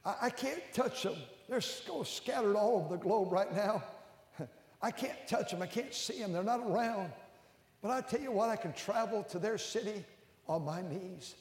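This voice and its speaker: Older preacher man booming in an echoey hall. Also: moderate pace. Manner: rising to loud emphatic peaks, then dropping low and intimate. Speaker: pastor. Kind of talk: sermon. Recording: echoey hall with long reverb.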